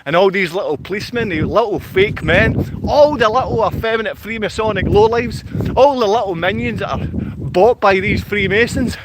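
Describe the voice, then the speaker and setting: A man's voice: sits high, moderate pace, noisy background. A man ranting angrily on a livestream, berating and confronting his viewers in blunt, repetitive bursts. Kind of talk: angry livestream rant.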